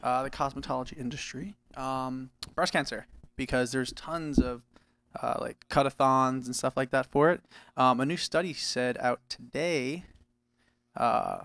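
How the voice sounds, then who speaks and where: A man's voice: medium pitch, gravelly, fairly bright tone, dry recording. A man co-hosting a podcast, joking around in casual chat and reading the news loosely. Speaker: podcast co-host. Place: studio.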